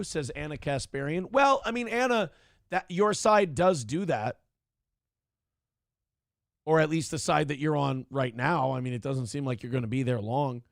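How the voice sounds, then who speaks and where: A man's voice: a little high, moderate pace, creaky, no room sound, studio quality. A man hosting a casual political commentary livestream, rambling and sarcastic, swearing freely as he reads comments aloud. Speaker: show host.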